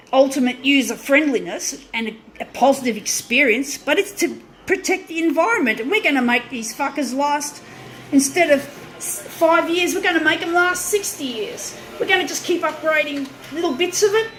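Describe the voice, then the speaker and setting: High-voiced woman on a profane rant. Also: a bit bright. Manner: swears heavily, frustrated, restarts sentences. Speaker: small business owner ranting on video.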